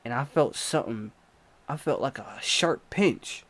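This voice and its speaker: A man telling a story in casual storytime narration, animated, with loud yells and sound effects. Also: mid-range voice, measured pace. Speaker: storyteller, channel host.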